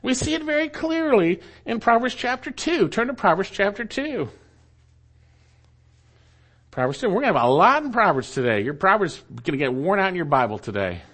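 Male pastor, sermon, slightly raised pitch, emphatic teaching with questions to the congregation. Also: very animated, normal speed, a bit bright.

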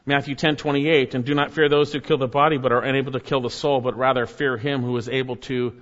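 Male pastor preaching, earnest, dips low and quiet for emphasis; muffled sound with long hall echo. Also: steady tone, quick pace, hardly any pauses. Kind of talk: sermon.

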